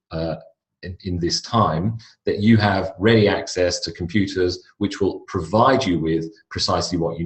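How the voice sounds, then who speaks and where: Low-pitched male teacher, easygoing lecture manner, echoey room sound. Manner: relaxed, conversational, with asides and restarts. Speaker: English pronunciation teacher. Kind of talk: recorded lecture.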